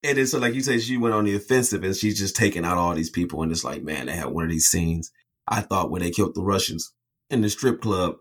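A man co-hosting a casual comic review, talking in an animated, profane way and acting out scenes with put-on voices. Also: deep voice, fast, breathy edge. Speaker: podcast co-host reviewing a comic. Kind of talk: casual chat.

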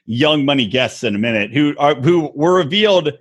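A man's voice: fairly high pitch, normal speed, breathy edge. A man co-hosting a casual podcast about reality TV, ranting in a crude, mocking way. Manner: crude, animated, mocking rants. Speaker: podcast co-host.

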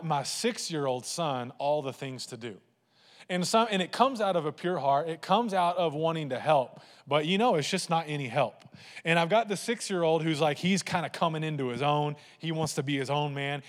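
Man, pastor, fairly high voice, animated humorous sermon, long hall reverb. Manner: animated, humorous storytelling to a congregation. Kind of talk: sermon with personal stories.

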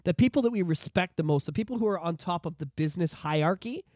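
A man hosting a podcast, ranting and swearing in lively casual chat. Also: high-pitched, fast, dry recording, clean studio sound. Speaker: podcast host.

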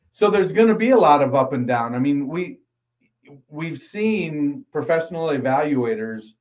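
A man co-hosting a casual football podcast, reading an ad and then giving steady analysis. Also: medium pitch, poor audio. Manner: reads ad copy briskly, then analyzes steadily. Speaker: podcast co-host.

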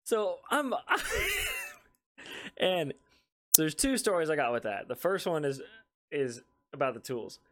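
A young man chatting on a podcast with a fairly high, very lively voice that swings widely in pitch. He tells stories animatedly, laughs often and jumps up when quoting himself. Casual co-host energy throughout. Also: takes it slowly, pauses often. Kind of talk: casual chat.

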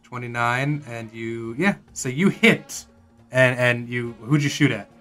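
A man's voice: mid-range voice, unhurried, a bit bright, faint music behind. A man narrating as game master for a tabletop game, in a casual, hesitant way.

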